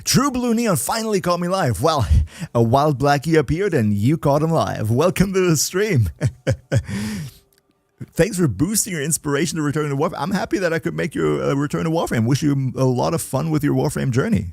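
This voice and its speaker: A man's voice: a little high, expressive, fairly quick, creaky, darkish tone, no room sound. A man hosting a game livestream, chatting casually and answering viewer messages in an upbeat way. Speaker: game streamer.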